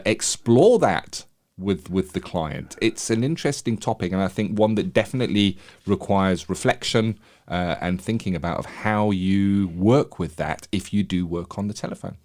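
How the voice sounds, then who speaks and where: A man's voice: fairly low pitch, normal speed, darkish tone. A middle-aged man who grew up in South Africa, co-hosting a counselling podcast and telling stories reflectively with frequent laughs. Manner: reflective storyteller, laughs often. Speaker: podcast co-host. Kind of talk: casual chat.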